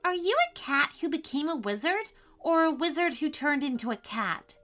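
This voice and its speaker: A woman voicing a curious young girl adventurer who talks in a gushing, excitable way. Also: high-pitched, slow, faint music behind, pitched above the performer's own voice, heavily acted. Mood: excited.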